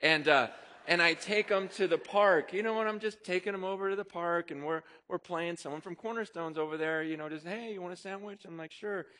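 A man preaching a sermon to his congregation, telling personal stories in an animated, conversational way with frequent asides. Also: on the high side, a little fast. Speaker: pastor. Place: church auditorium before a congregation.

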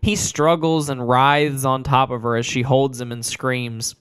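A man telling a short story he wrote, in plain steady narration, then chatting loosely about it with fillers. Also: medium pitch, unhurried, smooth, dry recording, studio quality. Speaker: storyteller and author. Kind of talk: reading a dark short story, then casual chat.

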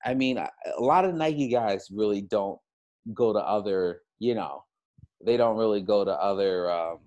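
Low-voiced man rambling in casual chat. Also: moderate pace, darkish tone, highs cut off. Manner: rambling, full of "you know" fillers. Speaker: podcast co-host.

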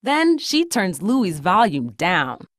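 A woman reading a children's storybook aloud in a gentle, lilting read-aloud manner. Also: mid-range voice, big pitch swings, takes it slowly, dry recording, studio quality. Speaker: storybook narrator.

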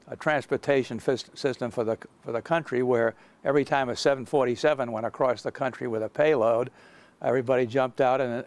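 An older man giving an unscripted lecture about his own experience, halting, with many fillers and restarts. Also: mid-range voice, darkish tone. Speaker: guest lecturer recounting experience.

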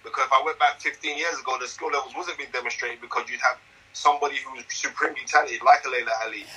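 A middle-aged man guesting as a boxing analyst, telling stories in an animated, emphatic way. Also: mid-range voice, fast talker, breathy edge, poor audio. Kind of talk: casual interview chat.

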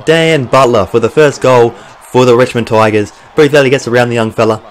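A young Australian gaming YouTuber commentates his own football video game as he plays, in a brisk, medium-pitched voice. It's let's-play commentary full of swearing and excitement, with bursts of frustration as he gets worked up.

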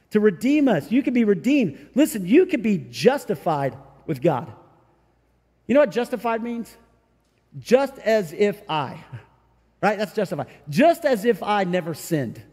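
High-voiced male pastor preaching in a reverberant hall. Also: a little mellow, husky. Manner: conversational, often tags on "right?" and "you know?"; acts out scenes in quoted voices. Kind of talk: sermon. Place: church sanctuary. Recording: long reverb of a large hall.

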